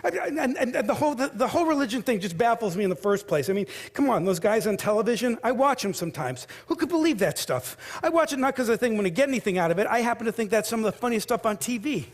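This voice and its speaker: Guy doing a stage monologue, high husky voice, keeps stumbling over his words, soft music under it. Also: lively intonation. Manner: confessional, halting, stammering restarts. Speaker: solo stage performer.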